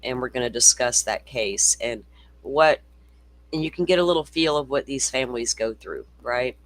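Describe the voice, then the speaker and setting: A man's voice: medium pitch, lively intonation, moderate pace, fairly bright tone, no echo. A middle-aged man hosting a casual true-crime livestream, swearing freely and reading viewer comments aloud. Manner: profane, ranting, reads viewer comments aloud.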